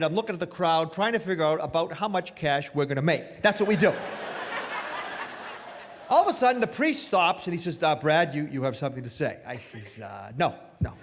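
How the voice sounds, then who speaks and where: A man doing stand-up comedy on stage, animated and acting out voices. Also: high-pitched, a little hiss or hum. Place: stage in a hall. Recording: live stage hall reverb.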